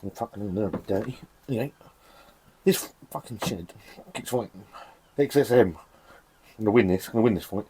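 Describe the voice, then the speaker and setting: Shivering in a chilly shed, an English man gives a casual beer review in a fairly low, mellow, husky voice. He talks fairly quickly but leaves long pauses, swearing, chatting and wandering off with self-deprecating laughs.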